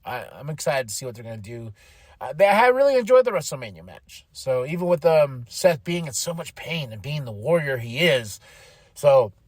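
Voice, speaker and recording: A man hosting a podcast, casually recapping events with animated energy, laughing often and acting out quotes. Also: medium pitch, normal speed, no room sound, studio quality. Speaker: podcast host.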